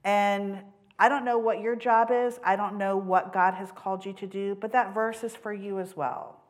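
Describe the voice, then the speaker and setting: A woman's voice: mid-range voice, fairly even intonation, moderate pace. Earnest woman sharing a church testimony. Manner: earnest storytelling with many ums and self-corrections. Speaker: church mission supporter. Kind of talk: personal testimony in a church service.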